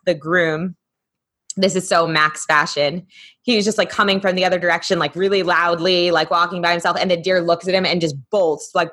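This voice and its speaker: Brief woman podcast co-host, lowish pitch, rambling chatty storyteller on a call mic. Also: a bit bright. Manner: chatty storyteller, many fillers. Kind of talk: casual chat. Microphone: remote call microphone.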